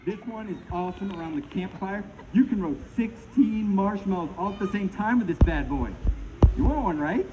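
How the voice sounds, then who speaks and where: Man, juggling comedian, high lively voice, muffled sound, loud noise behind. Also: normal speed. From Maine, USA. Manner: jokey, bantering with the crowd. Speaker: juggling performer. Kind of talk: live comedy juggling show. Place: outdoors at a pond. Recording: muffled outdoor recording with loud background noise.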